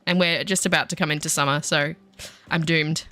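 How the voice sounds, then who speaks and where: A woman's voice: low-pitched, fairly even intonation, fairly quick, sharp tone. A woman chatting casually with her viewers while she plays, self-deprecating and easily sidetracked. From Australia. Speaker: game streamer. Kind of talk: casual chat while gaming.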